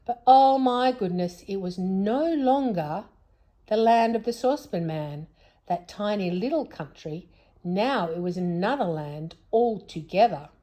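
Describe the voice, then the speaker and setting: Lively woman reading a children's story. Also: medium pitch, unhurried.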